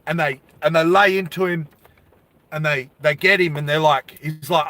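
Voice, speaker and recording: A man telling a story in a casual vlog, animated, with asides to his viewers. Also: a little high, moderate pace, dry recording.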